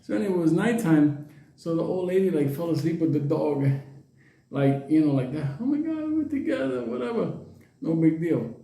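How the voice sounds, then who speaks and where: With a dark tone and a reverberant sound, a man spins a loose, casual comic tale. He keeps laughing at his own jokes and uses high voices to play the characters.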